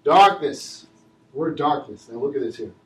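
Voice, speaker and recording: A man preaching a sermon and calling for responses from the congregation, swinging between shouted lines and low asides. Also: normal speed. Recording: echoey church from far off.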